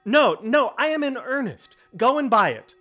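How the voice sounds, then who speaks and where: A man reading aloud and voicing an elderly miser who has turned giddy and generous, exclaiming with excitement. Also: very high-pitched, normal speed, soft background music, voice pushed up, exaggerated voice. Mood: gleeful. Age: older. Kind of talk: storybook reading.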